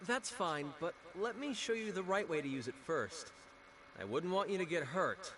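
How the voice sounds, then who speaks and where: A man voicing a friendly young male hero in a game, gentle and reassuring. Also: on the high side, expressive, moderate pace, crowd noise, lightly acted. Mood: caring. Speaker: game character.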